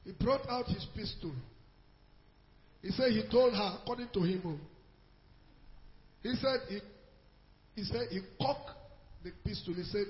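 A Nigerian man preaching in church, telling a story in a sermon and rising to shouts for emphasis. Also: high-pitched, a little slow, long pauses. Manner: animated, rises to shouts for emphasis. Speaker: pastor. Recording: echoey hall, dull lo-fi sound.

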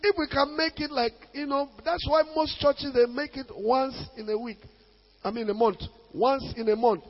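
A Nigerian man preaching a sermon as a pastor, emphatic, with sudden loud bursts. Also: very high-pitched, fairly even intonation, normal speed, big-room sound, highs cut off.

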